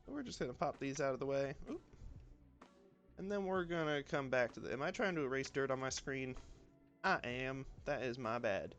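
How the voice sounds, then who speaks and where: A man's voice: medium pitch, moderate pace, long pauses. A man with a light Southern US accent, chatting casually on a live stream as he draws, rambling and talking to himself with frequent ums. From southern United States. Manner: relaxed, rambling, self-talk with many ums and y'alls. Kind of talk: casual live-stream chat while drawing. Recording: faint lo-fi music behind. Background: lo-fi music.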